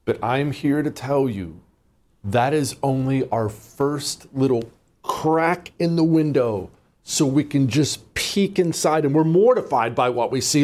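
Talk radio host, male, mid-pitched voice, emphatic and sarcastic, mocks opponents. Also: lively intonation, measured pace, a little mellow. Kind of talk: political talk radio monologue.

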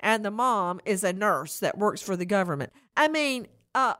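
A woman's voice: mid-range voice, moderate pace. A woman hosting a true crime talk show, talking with sarcasm and frequent laughs. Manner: animated, sarcastic, laughs often. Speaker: host.

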